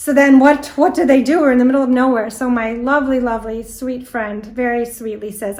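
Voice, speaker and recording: In a storytelling presentation on antique doll history, this middle-aged American guest speaker moves at a moderate pace with a voice pitched a little high for a woman. Her delivery is lively and anecdotal, with short bits of acted-out dialogue.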